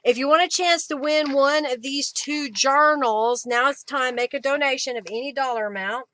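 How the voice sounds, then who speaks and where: Bright-voiced Oklahoma woman chatting live. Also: high voice, normal speed, no room sound. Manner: chatty, greets and thanks viewers by name, laughs often. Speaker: craft livestream host. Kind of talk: casual live-stream chat.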